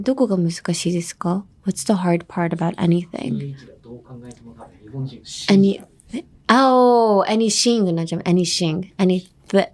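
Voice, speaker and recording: A woman's voice: medium pitch, darkish tone. A woman hosting a podcast English lesson, playful and teasing, slipping between English and Japanese. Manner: playful, teasing, laughs often. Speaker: English teacher host.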